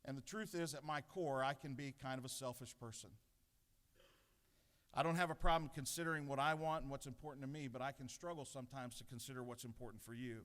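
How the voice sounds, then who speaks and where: A man's voice: mid-range voice, steady tone, fast talker, a bit bright. A middle-aged man gives an earnest devotional sermon at a podium, mixing self-deprecating stories with a spiritual challenge. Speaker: pastor giving a devotional. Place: large legislative chamber. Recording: long reverb in a large chamber.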